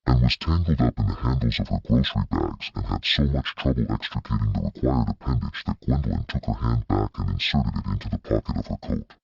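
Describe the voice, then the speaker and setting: Deep, husky male narrator with dry wit, for a storybook read; dull, dry recording. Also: expressive, brisk, few pauses, a little mellow, dry recording. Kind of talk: scripted audiobook narration.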